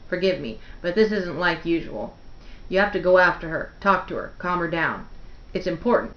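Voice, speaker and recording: A worried sixteen-year-old boy pleads urgently and insists on being heard, as a woman reading aloud puts him on. The voice sits low and carries a roomy, slightly dull sound. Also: lively intonation, moderate pace, lightly acted.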